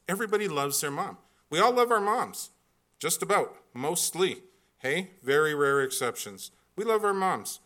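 A man's voice: fairly high pitch, animated, a little slow, bright, forceful tone. A middle-aged man telling a humorous family story, rambling with many fillers and restarts and poking fun at himself. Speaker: speaker.

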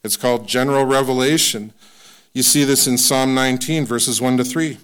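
A man preaching a sermon in a conversational, self-deprecating way, slowing down to stress scripture. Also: medium pitch, fairly even intonation, fairly bright tone, clear, resonant tone. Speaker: pastor.

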